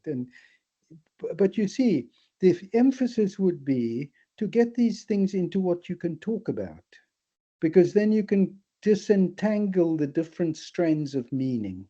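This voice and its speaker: Older man with a dark, mellow voice. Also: high voice, a little slow. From South Africa. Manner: thoughtful, animated, with many restarts. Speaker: therapist. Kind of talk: reflective discussion. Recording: slightly dull lo-fi audio.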